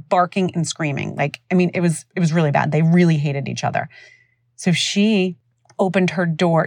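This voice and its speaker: Woman podcast host, thirties, low pitch, dry close sound, chatty and animated storyteller. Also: no room sound. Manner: animated, acts out voices of others. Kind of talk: casual storytelling.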